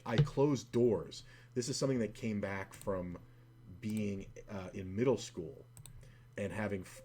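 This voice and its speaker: A man's voice: on the low side, a little mellow, a little hiss or hum. A man streaming online poker and telling a rambling, profane story in a casual way. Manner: profane, rambling, full of fillers.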